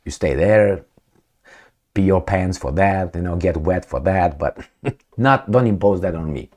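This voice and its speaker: Man, middle-aged, blunt opinion vlogger, lowish pitch, rambling delivery. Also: a little slow, darkish tone. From Romania. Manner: blunt, rambling, with many fillers. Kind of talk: opinion commentary.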